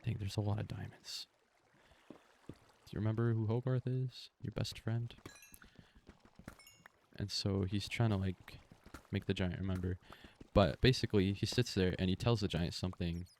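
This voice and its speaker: Deep-voiced man in a flat monotone. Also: creaky, slight background noise. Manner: flat, monotone, unhurried delivery with fillers. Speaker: gaming video creator. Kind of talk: casual monotone movie retelling over gameplay. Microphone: close desktop microphone.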